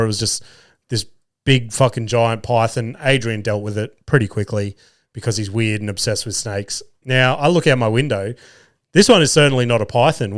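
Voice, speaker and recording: A young Australian man hosting a podcast, telling casual stories with lots of swearing and voiced quotes. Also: medium pitch. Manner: swears freely, animated retelling with voiced quotes. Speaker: podcast host. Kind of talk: casual storytelling.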